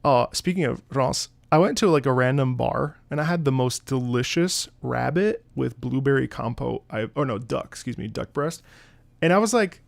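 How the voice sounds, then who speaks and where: A man's voice: mid-range voice, expressive, normal speed, gravelly, dry recording. A man who streams and sings opera, telling a rambling story in casual chat with his audience, with lots of swearing and filler words.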